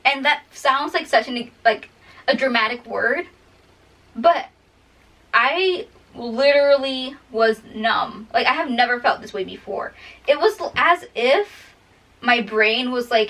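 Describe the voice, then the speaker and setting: Young woman, high bright voice, rambling storytime vlog, mic a bit far off. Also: animated, normal speed. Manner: chatty, rambling, laughs often. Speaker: vlogger. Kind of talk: casual storytime.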